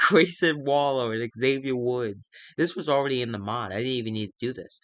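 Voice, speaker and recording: Guy rambling through his wrestling game save, uhs and ums everywhere, middle pitch. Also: no echo. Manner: halting, filler-heavy. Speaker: gaming video creator. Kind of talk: casual narration of a wrestling sim save.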